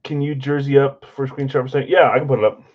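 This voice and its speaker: A man hosts a live card break, talking casually and poking fun at his own slip-ups as he chats with viewers. His voice sits at an ordinary middle pitch. The stream audio is a bit dull and lo-fi. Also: fairly even intonation, quick pace. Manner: self-deprecating, chatty, talks to chat viewers.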